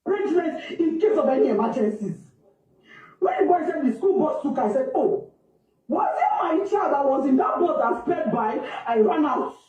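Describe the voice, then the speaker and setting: A woman with a Nigerian accent, a mother slowly and emotionally recounting what happened to her daughter. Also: high voice, big pitch swings. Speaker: grieving mother recounting events. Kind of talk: emotional personal account. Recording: distant, echoey, muffled replayed clip.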